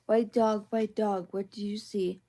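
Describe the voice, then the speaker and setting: Mellow-voiced woman reading bedtime stories. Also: mid-range voice, level tone, unhurried. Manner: gentle, sing-song read-aloud rhythm. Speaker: storyteller reading bedtime picture books. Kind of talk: soft ASMR bedtime reading.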